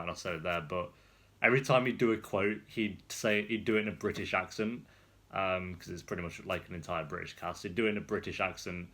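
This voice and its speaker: A man's voice: sits low, fairly bright tone. A young man vlogging casually, telling a rambling story with frequent laughs while seated indoors. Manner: rambling, chatty, laughs often. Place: seated indoors on a rolling chair.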